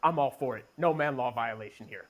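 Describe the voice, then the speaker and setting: A man's voice: medium pitch, fairly quick. A man co-hosting a podcast, delivering an emphatic comic opinion built on rhetorical questions. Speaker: podcast co-host. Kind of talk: comedic opinion segment.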